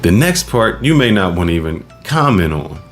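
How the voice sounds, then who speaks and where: A man's voice: sits low, moderate pace. Guy co-hosting a reaction stream, voice jumps all over, emphatic, faint music in back. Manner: animated, emphatic. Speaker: co-host. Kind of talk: casual reaction commentary.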